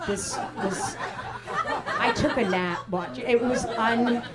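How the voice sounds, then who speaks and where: A woman's voice: a little high, slow pace. A woman comedian doing brash, teasing, profane crowd work on a club stage, talking into a handheld mic. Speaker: stand-up comedian. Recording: live show with loud crowd noise.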